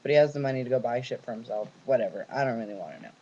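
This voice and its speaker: A young man from California vents at his camera at home, cursing freely as one story runs into the next. His voice sits at an ordinary middle pitch. The sound is dull and lo-fi, like an old webcam mic. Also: rapid-fire, dark tone, slight background noise. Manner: ranting, heavy swearing, run-on storytelling. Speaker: vlogger. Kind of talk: venting personal vlog.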